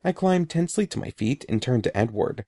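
A man's voice: mid-range voice, big pitch swings, fairly quick, warm tone, slightly rough, dry recording, studio quality. A man narrating a children's fantasy novel aloud as an audiobook, reading in a dramatic storytelling manner. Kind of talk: scripted narration.

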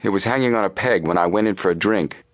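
A man's voice: low-pitched, quick pace, lightly acted. A man reading a storybook voices a determined teenage boy detective who talks firmly and tensely. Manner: firm, tense.

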